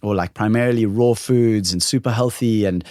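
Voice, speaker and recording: A man in his thirties hosting a solo podcast, telling a personal story in an animated, excited way and acting out the dialogue. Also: lowish voice, moderate pace, dry recording, studio quality. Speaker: podcast host.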